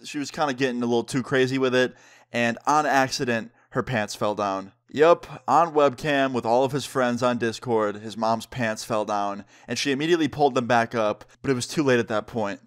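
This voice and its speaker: A young man telling a story in a casual, animated storytime vlog. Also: medium pitch, fairly quick. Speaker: vlogger.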